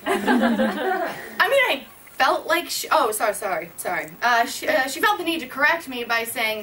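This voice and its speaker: A woman's voice: high voice, expressive, moderate pace. A young woman performing a comic personal essay on stage, self-deprecating and laughing through her lines. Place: live stage in front of an audience. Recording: distant mic, loud audience, noisy room.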